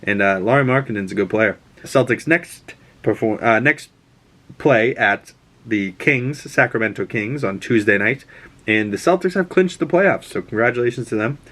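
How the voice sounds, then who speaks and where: A man's voice: medium pitch, moderate pace, a bit bright. A man hosting a casual chat show, rambling and swearing freely, with frequent restarts. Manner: rambling, profane, stop-start. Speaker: podcast host.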